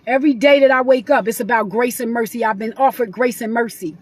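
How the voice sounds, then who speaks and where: A woman's voice: on the high side, fast talker, breathy edge. A middle-aged woman talking casually and sentimentally as a guest on a live video chat. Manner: warm, chatty, sentimental.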